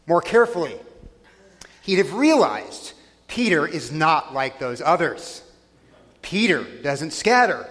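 A man preaching a sermon in a deliberate way, with dry irony. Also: a little high, a bit bright. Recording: long reverb of a large hall.

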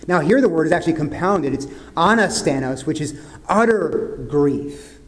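A man preaching a sermon as pastor, in an earnest way that drops to soft, grave tones. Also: a little high, expressive, moderate pace.

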